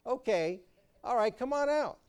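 A man's voice: very high voice, animated, measured pace, a little mellow, clean tone, pitched above the performer's own voice. A male preacher voicing a wry teacher who teases and chides with rhetorical questions. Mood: teasing. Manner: teasing, chiding, rhetorical.

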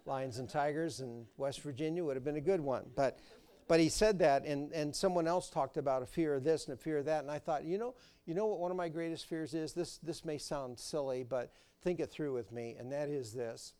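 A male pastor giving a sermon, prompting the congregation to fill in words and swinging from loud emphasis to quiet intensity. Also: on the high side, brisk.

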